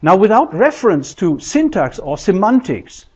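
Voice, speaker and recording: Man lecturing, lively husky voice. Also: high-pitched. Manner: measured, explanatory, deliberate pauses. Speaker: linguistics lecturer. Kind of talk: recorded university lecture. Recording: dull lo-fi lecture recording.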